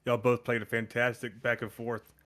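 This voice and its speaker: A man hosts a casual post-match interview at a middle pitch. He talks in a joking, folksy way. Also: little pitch movement, normal speed, fairly bright tone. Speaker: show host and team manager.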